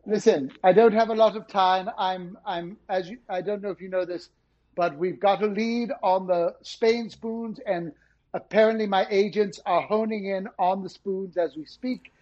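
A man voicing a brisk, self-important male official who talks in a hurry and trips over his words. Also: sits high, fairly even intonation, darkish tone, highs cut off, pitched below the performer's own voice, lightly acted. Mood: officious.

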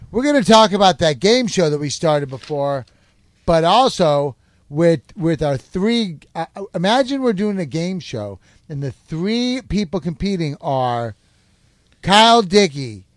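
A man's voice: on the high side, no echo. A man hosting an improvised comedy chat, introducing contestants in a hammy game-show style. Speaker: host.

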